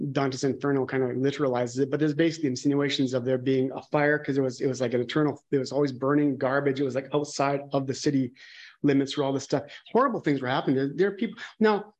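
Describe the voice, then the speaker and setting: Candid man preaching a conversational sermon. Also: mid-range voice. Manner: candid, musing, thinks aloud with frequent restarts.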